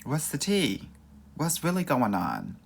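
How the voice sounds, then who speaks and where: A man's voice: a little high, huge pitch swings, unhurried, creaky, breathy edge. Sassy young male dating coach for a live-stream Q&A. Valley Girl lilt, campy, calls everyone honey. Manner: self-described Valley Girl way of talking. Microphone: phone or webcam mic for a live stream.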